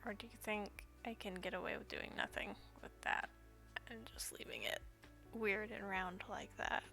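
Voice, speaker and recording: Soft-spoken woman with a gravelly edge. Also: mid-range voice, moderate pace, soft background music. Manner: soft-spoken, often half-whispered, thinking aloud. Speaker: streamer sculpting doll hair. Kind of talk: quiet casual stream commentary. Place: at home at night.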